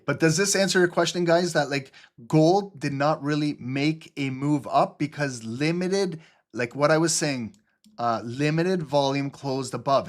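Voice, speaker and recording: A man hosting a live trading stream in loose, casual commentary, chatty and prone to swearing and side jokes. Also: mid-range voice. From Canada. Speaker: trading livestream host.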